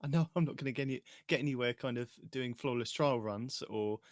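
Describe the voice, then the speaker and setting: A man's voice: mid-range voice, brisk, no room sound. A British man hosting a podcast in playful, teasing casual banter. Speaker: podcast host.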